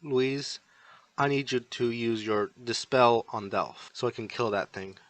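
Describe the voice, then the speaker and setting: A man's voice: mid-range voice, unhurried, no room sound, close to an everyday voice. An earnest young hero who barks urgent, determined orders, as a man reads him. His voice stays in a middle range. The recording is dry and close.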